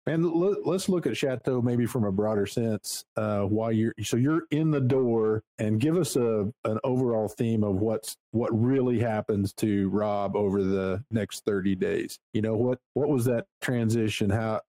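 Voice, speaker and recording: A man's voice: lowish voice, unhurried, hardly any pauses, warm tone, dry recording. A man hosting a casual interview, asking long rambling questions full of "uh" and restarts. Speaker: podcast host.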